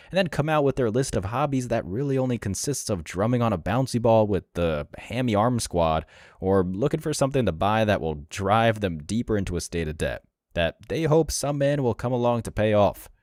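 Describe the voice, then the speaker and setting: A man's voice: deep voice, a little mellow, dry recording, studio quality. A man narrating reaction clips in a scripted, sneering and mocking tone. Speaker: commentary channel narrator.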